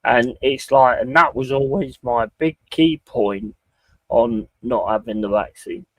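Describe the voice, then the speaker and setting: A man's voice: medium pitch, measured pace, no echo. A man hosting a casual chat, talking bluntly and swearing freely. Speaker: podcast host.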